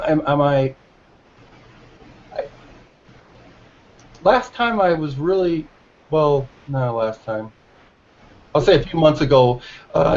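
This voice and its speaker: A man who is losing his voice, talking in a halting way with many fillers and restarts in a casual online group discussion. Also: mid-range voice, darkish tone. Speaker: regular hangout participant. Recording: dull lo-fi call audio.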